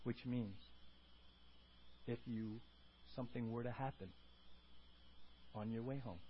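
A man preaching a sermon as pastor, animated and acting out quoted voices, then dropping to a soft prayer. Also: mid-range voice, unhurried, pauses often, dull audio, a little hiss or hum.

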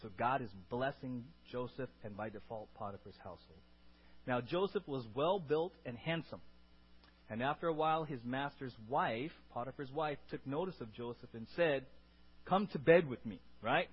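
A man preaching a sermon to his congregation, asking them questions and building to loud, emphatic peaks. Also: mid-range voice, normal speed, breathy edge, highs cut off. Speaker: pastor.

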